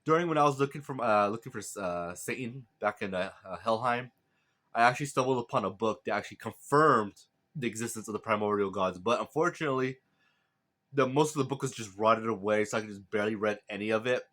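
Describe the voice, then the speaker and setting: A man's voice: fairly low pitch, quick pace, fairly bright tone, natural voice. A man voicing a cunning, mocking male demon lord who talks in a casual, probing way.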